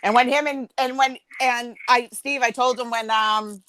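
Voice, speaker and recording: A woman, chatting as a panel host, bossy and teasing and quick to laugh. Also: a little high, fairly even intonation, fairly bright tone, no echo. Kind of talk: casual chat.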